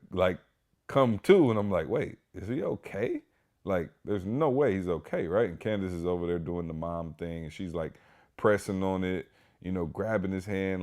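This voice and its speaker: A man hosts a podcast and tells a personal story in a loose, animated way. His voice sits on the low side, and he keeps stopping to address the listeners, full of fillers and restarts. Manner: animated, speaks straight to listeners. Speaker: podcast host. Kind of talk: casual storytelling.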